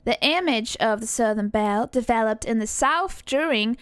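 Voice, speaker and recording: Young woman, streamer, casual, chatty, swears now and then, highish voice, dry sound. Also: moderate pace, a bit bright, clear, resonant tone, no room sound. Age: young adult. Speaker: streamer teaching accents. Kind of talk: casual live-stream chat.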